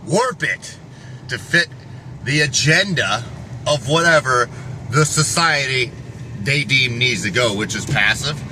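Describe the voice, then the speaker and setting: A man's voice: mid-range voice, expressive, measured pace, pushed and bright, a little hiss or hum. A man giving a rambling, profane vlog monologue, often breaking off and restarting his sentences. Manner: profane, restless, self-interrupting. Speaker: fitness vlogger.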